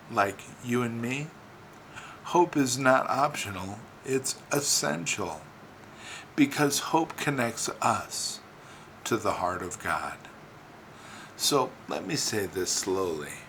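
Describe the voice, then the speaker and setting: A man preaches an inspirational sermon slowly, using rhythmic repetition, his phrases building to emphatic peaks before easing down. His voice is lowish and a bit bright, and the low-quality recording carries a faint ambient hum.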